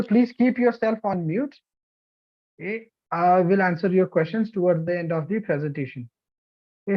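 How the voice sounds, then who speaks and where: An instructor from India with an Indian English accent, teaching a live online demo lesson and often checking in with "okay?" and "you know". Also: medium pitch. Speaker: TEFL course instructor. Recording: dull lo-fi online class audio.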